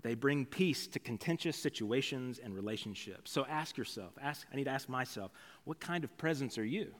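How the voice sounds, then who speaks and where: A man's voice: medium pitch, expressive, moderate pace. A male pastor preaching a sermon in a conversational, storytelling way, with casual asides. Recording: long hall reverb.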